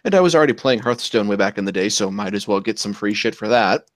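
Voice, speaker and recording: A man hosting a casual podcast chat, telling anecdotes in an animated way, swearing casually and jumping up in pitch on punchlines. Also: fast, dry recording. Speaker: podcast host.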